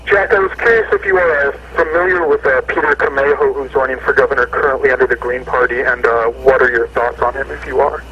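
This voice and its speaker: A man from California calling in to a show, asking a question politely and haltingly. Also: medium pitch, steady tone, slight background noise. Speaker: caller. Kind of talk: phone-in question. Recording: muffled phone line.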